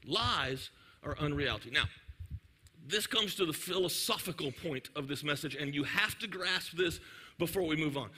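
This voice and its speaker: A man in his fifties preaching a sermon. He tells a story with lots of energy and jokes, and he keeps checking in with the crowd. His voice sits high and sounds strikingly bright and forward. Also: normal speed, breathy edge. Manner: animated, joking, talks directly to the audience. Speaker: pastor.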